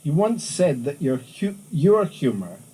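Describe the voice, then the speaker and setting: A man's voice: a little high, sing-song, a little slow, dark tone, slightly rough. A man interviewing, putting short, direct questions. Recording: old VHS tape with faint hum.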